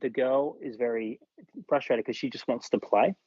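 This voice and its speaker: A man's voice: mid-range voice, moderate pace, darkish tone, slightly rough, dry recording, muffled recording. An Australian man recounting a personal experience as a podcast guest, acting out what other people said. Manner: acts out other people's lines while recounting. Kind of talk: personal storytelling in a podcast interview.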